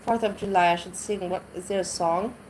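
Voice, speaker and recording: Rambling low-voiced woman streamer. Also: steady tone, brisk, a little mellow, a little hiss or hum, rough recording. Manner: rambling, searches for words, restarts often. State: intoxicated. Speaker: livestreamer reading chat. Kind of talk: casual livestream chat.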